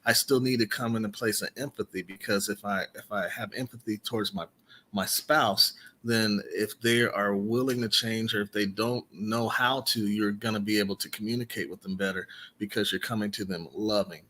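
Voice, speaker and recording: Earnest low-voiced man, bright tone. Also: fairly even intonation, moderate pace, slight background noise. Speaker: marriage coach co-host. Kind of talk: casual live chat.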